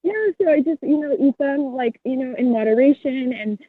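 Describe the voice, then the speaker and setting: Young female caller, hesitant and rambling, slightly high and husky, on a thin phone line. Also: moderate pace, no echo. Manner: rambling, hesitant, many fillers. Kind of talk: casual phone chat.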